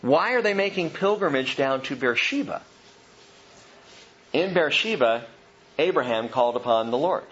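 Earnest preacher man, husky lo-fi. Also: mid-range voice, animated, moderate pace, long pauses, fairly bright tone. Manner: earnest, emphatic, rhetorical questions. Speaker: pastor. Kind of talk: sermon.

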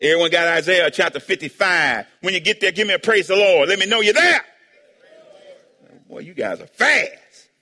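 A man preaching as pastor, drawing amens and answers from the congregation in call-and-response, breaking into sudden shouts. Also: sits high, moderate pace. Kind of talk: sermon. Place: church sanctuary. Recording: long hall reverb.

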